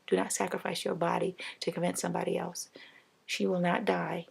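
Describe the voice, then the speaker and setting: Woman vlogger, very gravelly and husky, emphatic advice-giving rant, repeats her points. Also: fairly low pitch. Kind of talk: casual ranting monologue.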